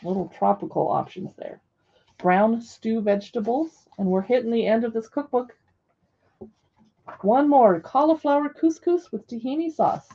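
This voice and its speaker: A woman's voice: on the high side, normal speed, dark tone, highs cut off. A young woman hosting a casual live stream from home, chatting and reading recipe titles aloud to viewers. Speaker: live stream host reviewing cookbooks.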